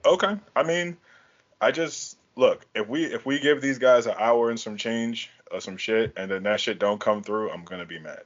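A man hosting a podcast in casual chat, talking in a profane, slangy, animated way. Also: mid-range voice, normal speed, dull audio. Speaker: podcast host.

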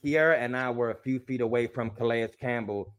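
Animated man reading fan comments. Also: mid-range voice, a little fast, clear, resonant tone. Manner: animated, laughing, reads viewer comments aloud. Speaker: podcast co-host. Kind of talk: casual sports chat.

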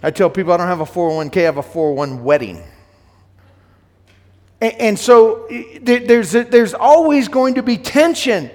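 A middle-aged man preaching a sermon to men, earnest and plain-spoken, often repeating words as he goes, sometimes loud and sometimes hushed. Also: very high voice, big-room sound. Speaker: pastor.

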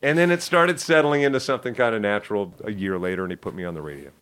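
A middle-aged man telling stories from his life as an interview guest, lively and self-deprecating with quick asides. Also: on the low side. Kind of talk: casual storytelling interview.

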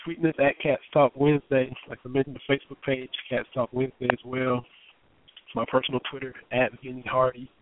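Hoarse man hosting sports radio. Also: mid-range voice, level tone, a little fast, background noise. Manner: folksy, chatty, lots of uh fillers. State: hoarse, recovering voice. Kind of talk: casual sports talk radio. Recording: tinny phone-line audio.

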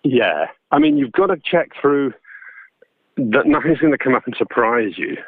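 A man's voice: medium pitch, expressive, moderate pace, no room sound. Male narrator as guest, chatty, self-deprecating, phone-line sound, dry. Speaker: guest, voice actor and audiobook narrator. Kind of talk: casual interview chat.

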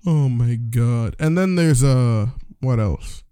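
A man's voice: medium pitch, takes it slowly, mellow, clean tone, dry recording, studio quality. A man co-hosting a podcast, ranting in casual chat, profane and incredulous. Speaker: podcast co-host.

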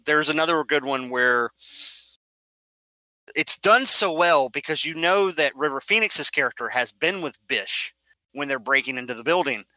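Speaking a little high and at a moderate clip, a man retells movie scenes with lots of energy, performing them and filling in details during a casual chat. The recording is dry and rough.

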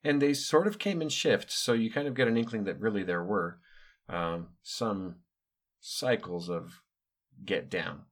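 Speaking at a measured pace in a lowish voice, a middle-aged American podcaster talks about growing up, casually and wryly, drifting off on tangents with offhand remarks and hesitant fillers.

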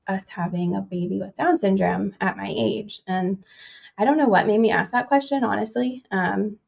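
Creaky-voiced young woman telling her story. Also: mid-range voice, moderate pace, a little mellow. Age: young adult. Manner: chatty, many fillers, acts out quoted dialogue. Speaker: podcast guest. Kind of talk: conversational storytelling.

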